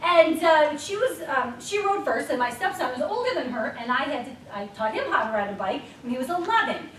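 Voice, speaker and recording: A woman's voice: high-pitched, brisk, a little hiss or hum. A woman giving a motivational talk to an audience, telling stories with frequent laughter. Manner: animated storytelling with frequent laughs. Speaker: speaker. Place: event room with an audience. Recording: echoey room, voice from a distance.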